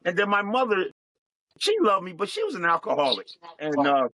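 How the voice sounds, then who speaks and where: A middle-aged man telling his life story as a guest, in a plain, reflective, unhurried way. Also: sits high, wildly swooping pitch, pushed and bright, rough recording. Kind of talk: personal storytelling.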